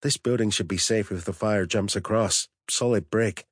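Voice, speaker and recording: A man voicing a small, older male shopkeeper in an audiobook, calm and matter-of-fact. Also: lowish voice, normal speed, slightly rough, no echo, studio quality.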